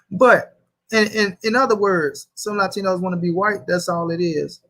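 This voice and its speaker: A man's voice: high-pitched, fairly even intonation, normal speed, a bit bright. A man hosting a casual livestream, reading chat aloud and arguing in a heated, profane way. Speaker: host.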